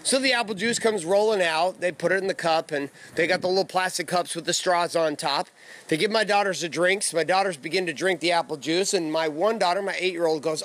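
A man's voice: fairly high pitch, fast talker, a bit bright. Blunt, profane man talking outdoors. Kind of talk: casual monologue. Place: backyard outdoors.

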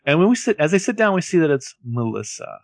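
A man's voice: a little high, dry recording. A man in casual conversation, walking through a TV episode beat by beat. His phrasing stretches out and is dotted with fillers. The recording is dry, with no room sound around the voice. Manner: relaxed, drawn-out phrasing with many fillers. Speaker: podcast co-host. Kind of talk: casual recap chat.

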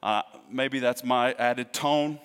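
A man preaching a sermon in a conversational way, swinging between loud emphasis and hushed asides. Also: medium pitch, fairly even intonation, slow, smooth, in a large hall. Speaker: pastor.

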